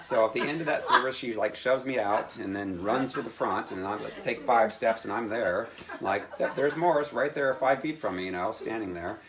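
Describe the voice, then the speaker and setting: A man telling a personal story to a live audience, animated and laughing as he acts out his own quotes. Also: lowish voice, moderate pace, crowd noise. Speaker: speaker telling his testimony.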